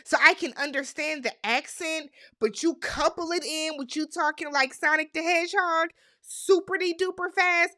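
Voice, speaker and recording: Bright, chatty woman recapping TV. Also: high voice, moderate pace, no room sound, clean studio sound. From United States. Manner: chatty, animated, slangy, mimics cast members' lines. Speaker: recap vlogger. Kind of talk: casual TV recap commentary.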